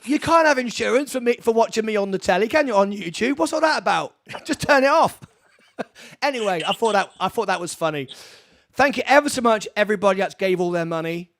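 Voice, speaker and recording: A man hosting a live-streamed charity fundraiser from his studio, rambling excitedly and laughing often. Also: high-pitched, fast talker. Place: home studio.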